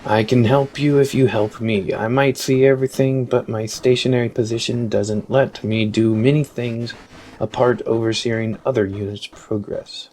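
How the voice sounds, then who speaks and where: A man reading out the lines of a stern male robot overseer in a slow, flat, mechanical way, as he plays a video game. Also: medium pitch, a little hiss or hum, lightly acted, rough recording. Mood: commanding. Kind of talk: reading game dialogue aloud.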